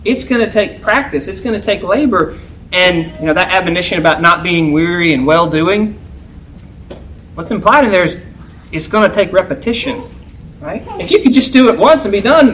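A man's voice: slight background noise, rough recording. A man preaching a sermon in a conversational way, often checking in with "right?". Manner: conversational, keeps asking "right?"; acts out a yelling teacher in a loud, high voice.

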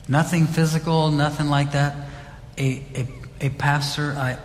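A male church minister sharing an emotional personal testimony, halting and repetitive. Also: mid-range voice. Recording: roomy hall with faint noise.

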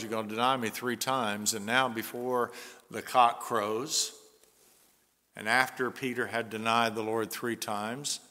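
A man preaching a sermon as pastor, earnest and conversational, with soft chuckles between points. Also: mid-range voice. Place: church sanctuary. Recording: long church reverb.

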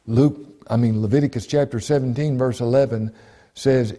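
A male pastor preaching a sermon, emphatic and repetitive, slowing and dropping to a hush when quoting scripture. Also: mid-range voice, steady tone. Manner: emphatic, repeats key phrases, slows and drops to a hush on scripture. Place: church broadcast.

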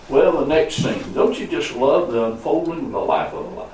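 A male pastor preaching a sermon, swinging between loud high calls and low murmurs. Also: brisk, a little hiss or hum. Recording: echoey room, voice from a distance.

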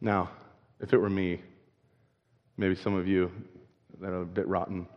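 A man with a deep, level voice preaches unhurriedly in a conversational way, often checking in with "right?" and repeating or restarting words. The recording is dull and lo-fi, with long hall reverb.

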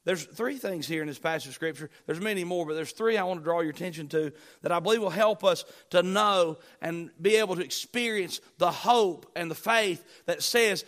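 A middle-aged man preaching a sermon as pastor, with emphatic bursts that rise and drop to quiet asides. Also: high voice.

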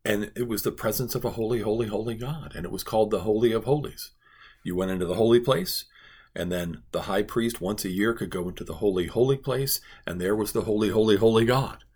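Male pastor, low husky voice, earnest devotional teaching, emphatic repetition. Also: a little fast, darkish tone. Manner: earnest, emphatic, repeats phrases for stress.

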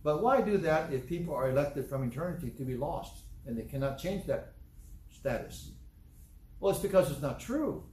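A man's voice: on the high side, animated, normal speed, darkish tone. A man preaching a sermon, emphatic and repetitive, asking rhetorical questions. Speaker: pastor. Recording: echoey room with faint ambience.

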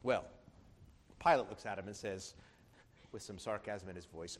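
A man's voice: on the low side, very animated, moderate pace, long pauses. A man preaching a sermon as pastor, emphatic, building his points through rhetorical questions.

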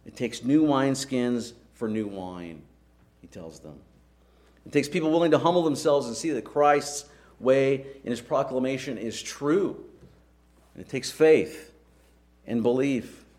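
A male preacher delivers a sermon at a mid-range pitch. He speaks earnestly and presses each point with emphasis. He often checks in with the listeners through rhetorical questions. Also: unhurried, darkish tone.

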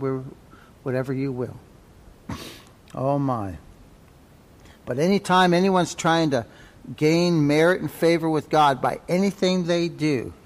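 A man teaching a Sunday school Bible class, folksy and conversational, often repeating his points and asking "right?" His voice sits a little high for a man. Long reverb from the church hall trails each phrase.

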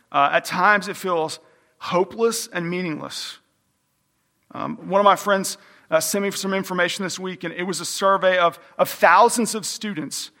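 Emphatic high-voiced male preacher. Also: bright, forceful tone, in a large hall. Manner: emphatic, repeats phrases for stress. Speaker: pastor. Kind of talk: sermon.

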